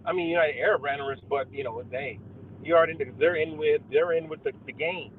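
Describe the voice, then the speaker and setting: Over tinny, phone-like audio with faint car noise in the background, a young man live-streaming unloads a heated, profane rant about conspiracies, calling his viewers guys. He speaks briskly in a fairly high, slightly rough voice with fairly even intonation.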